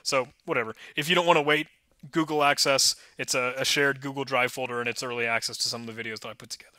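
A man hosting a casual screen-recorded coding tutorial, talking in a relaxed, self-deprecating way into a desk microphone at home. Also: mid-range voice, fast talker, no room sound, clean studio sound. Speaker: tutorial host.

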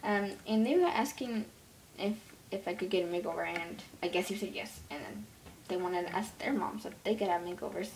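A woman voicing an easily excited young daughter pet in a home-made toy pet role-play, gushing and tripping over her words. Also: on the low side, a little fast, slight background noise, lightly acted, poor audio. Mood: sheepish.

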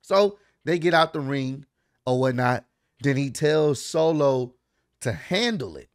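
A man's voice: medium pitch, expressive, measured pace, no echo, clean studio sound. A man casually recapping a show in a loose, rambling way, full of fillers and slang. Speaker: wrestling recap vlogger.

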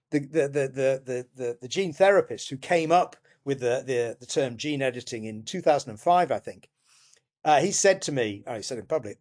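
A man, a biologist and author, explaining science in a conversational interview, with lively restarts and self-deprecating humor. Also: fairly high pitch.

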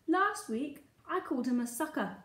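A woman voicing a sad, gentle young male shark in a storybook, speaking softly. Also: high-pitched, expressive, normal speed, reverberant, voice pushed up.

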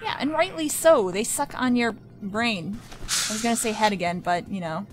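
A woman's voice: medium pitch, normal speed, background noise. A young adult woman hosting a casual let's play. She jokes, chats, and talks back to the game characters. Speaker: gaming channel host.

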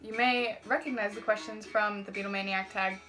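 A woman's voice: medium pitch, steady tone, brisk, sharp tone, soft background music, low-quality recording. A woman hosting a casual chat, reading out questions playfully and laughing easily. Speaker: host asking tag questions.

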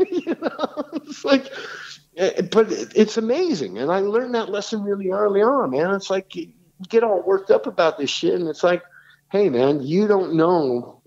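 A man, talking as a podcast guest in rambling, animated stories full of restarts. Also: sits high, normal speed, dull audio. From New York City. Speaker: rock singer, podcast guest. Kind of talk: casual podcast conversation.

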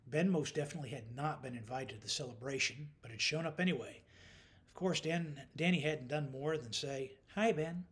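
A man reading an audiobook as narrator, in calm, measured scripted narration. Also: medium pitch.

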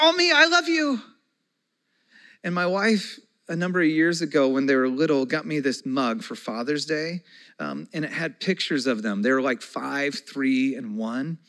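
A man in his forties preaching a sermon as pastor, earnest and conversational, with folksy asides. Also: a little high.

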